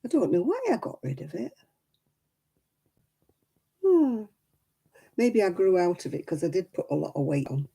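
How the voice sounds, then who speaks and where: Woman, casual livestream chat, mellow tone, gravelly. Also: on the low side, big pitch swings, moderate pace, pauses often, poor audio. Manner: chatty, self-deprecating, greets viewers by name. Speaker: crafting livestream host.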